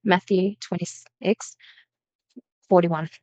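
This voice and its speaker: A woman's voice: lowish voice, fairly even intonation, slow, warm tone, dry recording, dull audio. Earnest woman giving a tarot reading. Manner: earnest, emphatic, repeats phrases. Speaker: tarot reader. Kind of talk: spiritual reading to camera.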